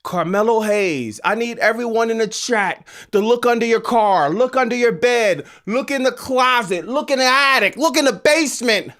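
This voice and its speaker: A man ranting on a live stream about wrestling, exasperated and sarcastic, sometimes bursting into shouts. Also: very high voice, animated, moderate pace, hardly any pauses.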